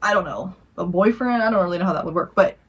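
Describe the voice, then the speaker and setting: A woman co-hosting a podcast, telling a campfire scary story in a rambling, animated way and acting out the voices. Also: fairly low pitch, fast, slightly rough, rough recording. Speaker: podcast co-host. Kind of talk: casual storytelling chat.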